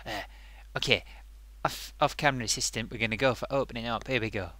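A man voicing an excitable male sock puppet who hosts a comic makeup review, gushing and bumbling. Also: mid-range voice, quick pace, dry recording, close to an everyday voice. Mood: excited. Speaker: host.

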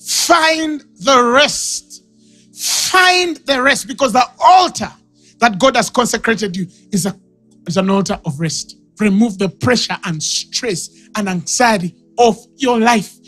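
A man with a Ugandan English accent preaching a sermon, shouting and laughing as he acts out conversations with callers. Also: sits high, animated, unhurried, faint music behind. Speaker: pastor.

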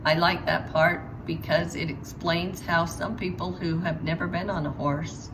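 Woman reading a novel, low voice, distant mic, loud background noise. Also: fairly even intonation, measured pace.

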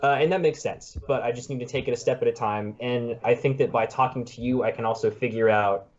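A student interviewer, a man, working through his questions slowly with plenty of ums and restarts. His voice sits at an ordinary middle pitch and comes through a slightly muffled call line. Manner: hesitant, many filler words.

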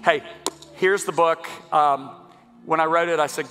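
A guest speaker preaches in a large church sanctuary with a fairly high, slightly bright voice. His intonation stays fairly even and his pace measured, though his message is fervent and exhorting as he leads a healing prayer, discusses a book and addresses the crowd. The recording carries long hall reverb and faint music.

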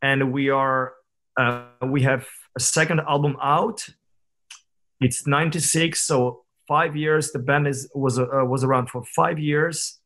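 A man's voice: medium pitch, fairly even intonation, measured pace, a bit bright. Candid, rambling male podcast guest. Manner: candid, reflective storytelling with frequent fillers and restarts. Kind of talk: casual conversational interview.

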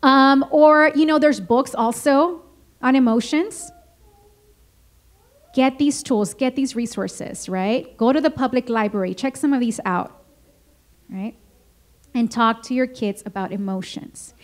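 In a school meeting room, a high-voiced woman leads a parenting workshop, keeping listeners involved by asking them questions and slipping into her English. She is lively and engaging, speaking at a measured pace with long pauses.

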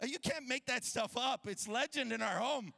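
A man's voice: very high voice, unhurried, vocal fry, dry recording. A man in his thirties, a pastor telling a story in a sermon and acting out the voices of the people in it. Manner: animated, acts out quoted voices.

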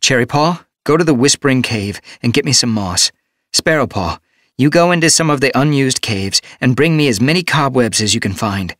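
A man voicing a calm, capable female cat warrior in an audiobook, brisk and reassuring. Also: medium pitch, dry recording, studio quality, voice pushed up, close to an everyday voice. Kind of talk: audiobook character voice.

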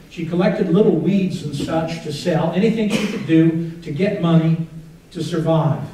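A man preaching a sermon as a pastor, telling a story in an earnest way and dropping to a hushed prayer. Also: a little high, distant mic, a little hiss or hum. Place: church sanctuary. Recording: very echoey church from off-mic.

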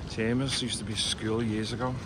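A man's voice: fairly low pitch, flat delivery, brisk. A man with a Liverpool accent giving a chatty, blunt walking tour commentary outdoors as a vlogger. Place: outdoors on city streets. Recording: street traffic noise behind.

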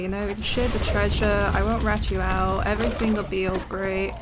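A woman's voice: mid-range voice, little pitch movement, a little fast. A woman casually commentating her own gameplay, chatty and giggly with plenty of self-mocking asides. She talks straight to her viewers over faint background noise. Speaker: let's play host.

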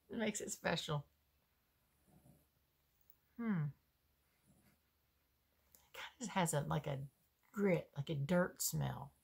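A woman talks slowly and casually while unboxing soap, musing aloud. Her voice sits a little low and has a gravelly edge. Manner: slow, chatty, musing aloud.

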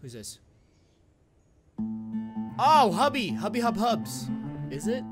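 A young man giving excited let's-play commentary, cheering at the screen and then dropping to mumbles. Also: high-pitched, takes it slowly. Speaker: gaming YouTuber. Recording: game music loud behind the voice. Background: game music.

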